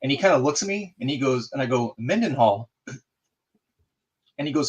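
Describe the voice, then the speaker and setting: A man's voice: mid-range voice, lively intonation, brisk, long pauses. A man in a casual video call, telling a story and acting out both sides of the conversation. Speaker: guest in a group video chat.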